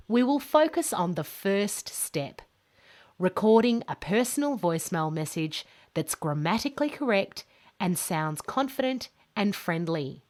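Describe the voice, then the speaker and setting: Woman pronunciation teacher, mid pitch, clear measured scripted delivery. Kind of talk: scripted lesson to camera.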